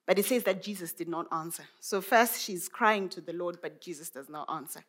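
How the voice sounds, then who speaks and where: A woman's voice: fairly low pitch, a little fast. Reflective woman preaching a sermon. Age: adult mother. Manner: reflective, musing with many rhetorical questions.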